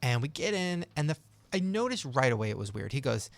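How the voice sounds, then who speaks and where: Gravelly-voiced man hosting a podcast. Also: mid-range voice, fairly quick. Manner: storytelling, animated, laughs often. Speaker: podcast host. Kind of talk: casual podcast chat.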